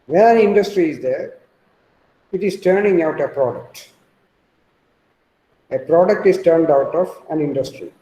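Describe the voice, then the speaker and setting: A man with an Indian English accent giving a webinar lecture, speaking slowly and deliberately and repeating his key points. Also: on the high side, warm tone, slight background noise. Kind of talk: academic lecture presentation. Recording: echoey room sound.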